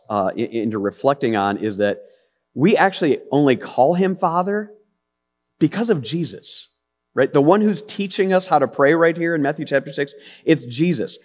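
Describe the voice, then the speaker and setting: A middle-aged man delivering a sermon in an earnest, conversational way. His pitch sits in the middle range, and he speaks as a pastor who keeps pulling the congregation in with rhetorical questions. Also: animated, normal speed, a little mellow.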